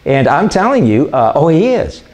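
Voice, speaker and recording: An older man, an evangelist, talking through an informal, rambling sermon with excitable enthusiasm. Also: a little high, normal speed. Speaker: evangelist hosting a ministry show. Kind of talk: informal sermon talk to camera.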